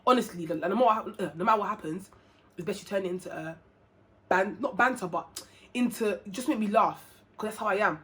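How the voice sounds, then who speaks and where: A woman's voice: medium pitch, brisk. A young woman from England, telling a personal story to camera in a casual, chatty vlog, acting out the dialogue. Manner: chatty, animated, acts out quoted dialogue. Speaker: vlogger.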